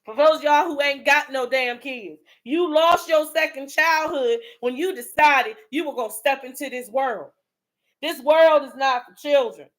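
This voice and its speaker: Woman, high-pitched, bright edgy tone, fiery preachy rant. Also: a little slow. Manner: fiery, preachy, street-talking. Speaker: host. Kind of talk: impassioned motivational rant.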